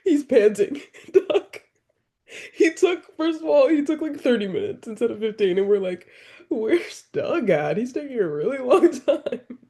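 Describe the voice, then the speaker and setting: A woman's voice: fairly high pitch, very animated, moderate pace, mellow, breathy edge. A woman in her twenties hosting a podcast, chatting casually and chuckling as she tells her side of a story. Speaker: podcast host. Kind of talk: casual chat.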